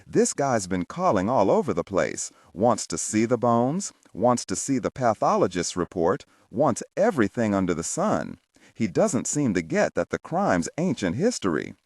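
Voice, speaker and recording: A gruff, bossy police captain, acted by a man narrating an audiobook, pushes his orders hard and keeps asking if you follow. His voice sits low but swings widely. The sound is dry and close. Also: huge pitch swings, moderate pace, no echo, heavily acted. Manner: blunt, pushy, rhetorical questions.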